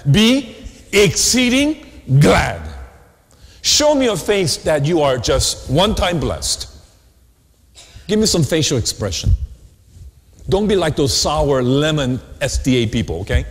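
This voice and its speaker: A man preaching a sermon as pastor, animated, often asking the congregation questions. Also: a little high. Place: church sanctuary. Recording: long hall reverb.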